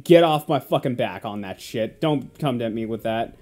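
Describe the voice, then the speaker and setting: A man's voice: medium pitch, lively intonation, normal speed, darkish tone. A man hosting a casual podcast, ranting in exasperation and swearing often. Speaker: podcast host.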